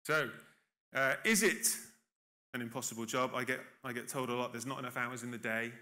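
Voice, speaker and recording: Guy doing a conference keynote, bright punchy voice, chatty and a bit self-mocking. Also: medium pitch, fairly quick. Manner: chatty and self-deprecating, with dry irony. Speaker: keynote speaker. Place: conference hall stage.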